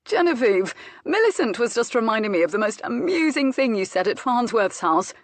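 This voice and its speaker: A woman voicing a cheerful young gentleman who talks in a bright, chatty way. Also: on the high side, very animated, moderate pace, dry recording, pitched above the performer's own voice.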